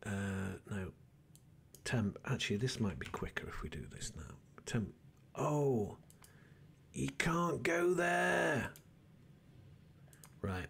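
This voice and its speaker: A man's voice: medium pitch, expressive, slow pace, creaky, pauses often, a bit bright, slightly rough. A man hosting a let's play, muttering and thinking aloud as he plays, rambling with restarts. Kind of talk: casual gameplay commentary.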